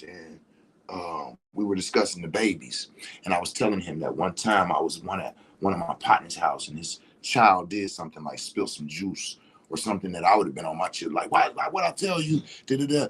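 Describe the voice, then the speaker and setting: A man's voice: low voice, a little fast, fairly bright tone, breathy edge. A man talking casually on his livestream, rambling and repeating "you know what I'm saying" as he explains his views. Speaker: livestream host.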